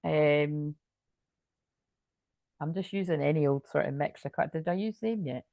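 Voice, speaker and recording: A woman's voice: low voice, a little slow, gravelly, dark tone, dry recording. A woman giving a casual tarot card reading, chatty and rambling, with restarts and swearing. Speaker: tarot reader.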